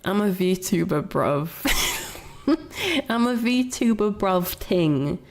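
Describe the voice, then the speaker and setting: A woman's voice: mid-range voice, big pitch swings, extremely slow, darkish tone, a little hiss or hum, heavily acted. A woman putting on a cheeky mock-London geezer. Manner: cheeky, slangy, mocking.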